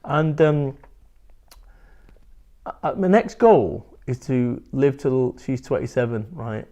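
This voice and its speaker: A man's voice: mid-range voice, lively intonation, slow pace, warm tone. A man, a motivational speaker talking bluntly and animatedly in an interview, swearing freely. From England. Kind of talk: candid interview talk.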